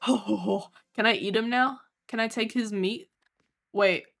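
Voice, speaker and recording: A woman's voice: on the high side, a little slow, vocal fry, faint music behind. A woman with an Australian accent streaming a game, commenting casually, swearing often and breaking into sudden yelps and laughs. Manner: excitable, swears a lot, bursts into yelps and laughs.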